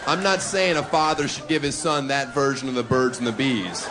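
A man's voice: mid-range voice, normal speed, few pauses. A male stand-up comedian doing a brash, provocative routine with wry asides on a club stage, into a handheld mic. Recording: live club audience with noisy room.

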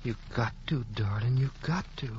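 An actor playing a young man gently reassuring his dying sweetheart, soft and coaxing. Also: medium pitch, normal speed, dull audio, slight background noise, lightly acted. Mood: tender.

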